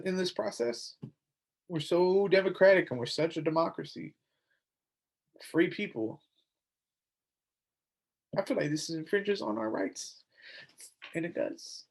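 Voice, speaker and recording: A man's voice: a little high, vocal fry. Tired, rambling young male podcaster. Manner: rambling, indignant, many fillers and restarts. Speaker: podcast host. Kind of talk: casual solo commentary.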